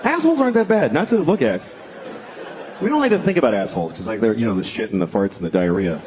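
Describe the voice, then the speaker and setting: A man's voice: mid-range voice, sing-song, fast, crowd noise, noisy background. A man performing stand-up comedy, telling stories in a conversational, exasperated way and acting out the people in them. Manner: conversational, exasperated storytelling with acted-out voices. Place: comedy club stage. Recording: live comedy club audience laughing.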